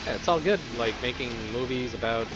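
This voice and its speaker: A man's voice: medium pitch, brisk. A man in casual voice chat, speaking in a laid-back, offhand way. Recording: dull lo-fi voice chat with loud noise.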